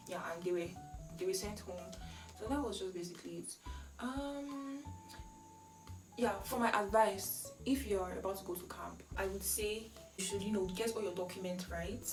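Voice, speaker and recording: A young Nigerian woman talks through a casual vlog story in a chatty, animated way. Her middle-pitched voice sits a little back from the mic in an echoey room. Faint music plays underneath. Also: recorded from a distance. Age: young adult. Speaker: vlogger.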